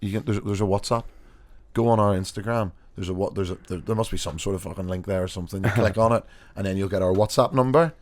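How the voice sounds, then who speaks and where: Low-pitched male podcast host, jokey and relaxed in casual chat. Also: fast. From England. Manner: laughing, joking, tries comic accents.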